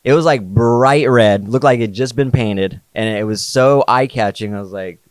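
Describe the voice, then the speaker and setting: A man's voice: mid-range voice, moderate pace, no room sound. A man, a podcast guest, telling a story in casual, slangy conversation, often saying "like" and "dude". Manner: laid-back, slangy, says "like" and "dude" often.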